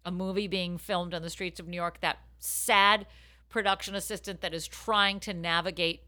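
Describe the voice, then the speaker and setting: A woman hosting a comedy podcast, loud and jokey in casual banter, prone to rants. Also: on the low side, fairly even intonation, normal speed. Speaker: podcast host.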